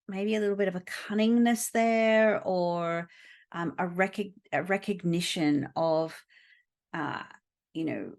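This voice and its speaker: Woman, middle-aged astrology teacher, lower voice, slow delivery full of fillers. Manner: unhurried, many fillers and pauses. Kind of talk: recorded lecture.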